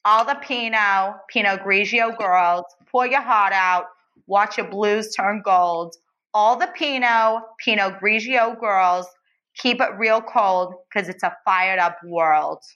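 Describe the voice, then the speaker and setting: A woman's voice: mid-range voice, takes it slowly, sharp tone, muffled recording. A woman putting on a Jersey-accent song reading. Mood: playful. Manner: playful, over-the-top accent attempt. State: a little drunk.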